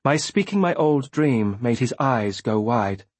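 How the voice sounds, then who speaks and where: A man reading an audiobook in measured, first-person narration. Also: medium pitch, expressive, dry recording. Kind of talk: scripted narration.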